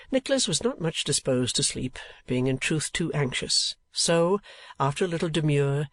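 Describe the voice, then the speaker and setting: A man narrating an audiobook in a steady, measured reading. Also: on the high side, no echo. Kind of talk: scripted narration.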